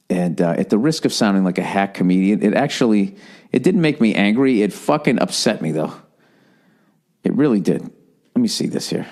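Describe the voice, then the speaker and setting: A man's voice: sits low, a little mellow. A man in his forties hosting a solo podcast, ranting and swearing, then mocking himself. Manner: ranting, profane, self-mocking. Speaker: podcast host. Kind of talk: casual solo podcast monologue.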